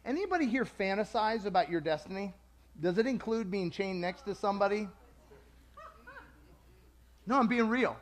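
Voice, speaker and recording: Delivering a sermon to his congregation, this high-pitched preacher keeps things lively and conversational and performs the quoted voices.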